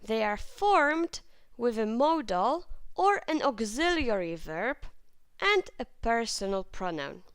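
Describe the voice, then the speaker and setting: Woman english teacher, slow and smooth, super clear voice, dry close sound, lots of ups and downs. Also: fairly high pitch, no echo. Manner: clear, patient explaining with lively intonation. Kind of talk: grammar lesson.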